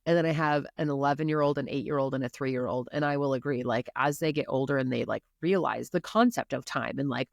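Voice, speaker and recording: A woman's voice: rumbling low, fast, vocal fry, few pauses, no echo, clean studio sound. A woman in her forties hosting a faith-minded business podcast, affirming her guest and often adding "right?". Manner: warm, affirming, faith-talk, frequent "like" and "right?". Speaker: podcast host. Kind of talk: podcast interview.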